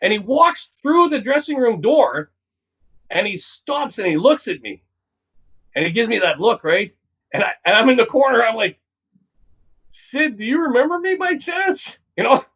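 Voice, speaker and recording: Husky-voiced animated storytelling man. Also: normal speed, rough recording. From Canada. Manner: animated storyteller, acts out quotes in a higher voice. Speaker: comedian guest. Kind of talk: casual storytelling interview.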